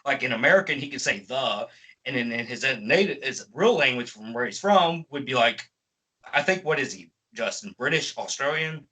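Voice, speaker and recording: A man's voice: mid-range voice, animated, fairly quick, pushed and bright, rough recording. A man giving a profane, exasperated ranting movie review as a film reviewer.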